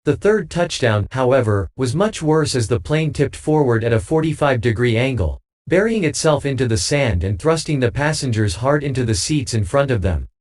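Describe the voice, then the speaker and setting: A man's voice: mid-range voice, normal speed, hardly any pauses. A man narrating a comic audiobook story, reading every character's lines himself. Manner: reads with lively dialogue voices.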